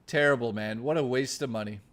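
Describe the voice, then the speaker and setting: Male streamer, mid-pitched, casual and profane, bantering with his chat. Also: fairly quick, fairly bright tone. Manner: profane, joking, reading chat aloud. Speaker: streamer host.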